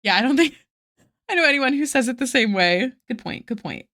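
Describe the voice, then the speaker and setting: A woman's voice: sits high, lively intonation, a little fast, pushed and bright. A woman casually chatting with her viewers on a live stream, giggling often and reading chat aloud. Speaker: art streamer.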